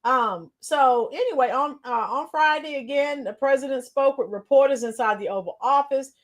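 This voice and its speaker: A woman hosting a casual political livestream, greeting viewers by name with frequent fillers and throat clearing. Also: high voice, normal speed. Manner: clears her throat often. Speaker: political commentary channel host.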